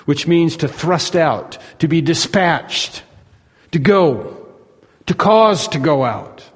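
A man preaching a sermon, emphatic, rising to loud peaks and dropping to hushed asides. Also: a little high, animated, takes it slowly, slightly rough, long reverb tail. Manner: emphatic, swings between soaring and hushed. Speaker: pastor.

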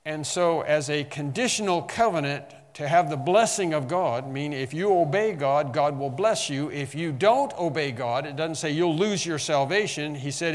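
Preacher guy, kinda high voice, punchy and emphatic, big echoey hall. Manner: emphatic, with slow stressed phrases and rising bursts. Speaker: pastor. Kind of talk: expository sermon.

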